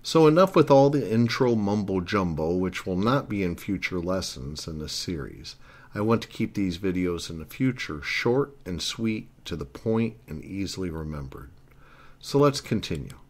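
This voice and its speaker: Man, deep voice, lively intonation, earnest step-by-step grammar lesson narration. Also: moderate pace. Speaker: Italian language teacher.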